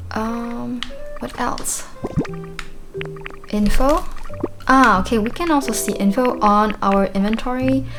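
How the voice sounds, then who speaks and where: A woman giving casual let's-play commentary, chatty and thinking aloud while playing. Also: a little high. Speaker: gaming video creator. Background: game music.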